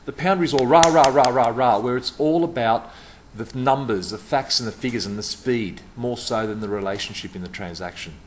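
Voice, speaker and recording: A man's voice: mid-range voice, a little fast, a little hiss or hum. Emphatic man talking to camera. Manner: emphatic, punchy phrasing with repeated words. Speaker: customer service speaker. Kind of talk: direct-to-camera talk.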